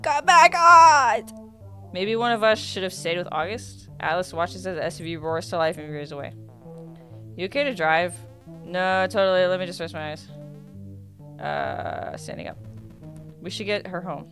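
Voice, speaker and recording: Woman streamer with a slightly low voice reading a dating sim aloud, casual and prone to stumbling, faint game music underneath. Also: moderate pace, pauses often. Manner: reads in a casual tone, stumbles and corrects herself.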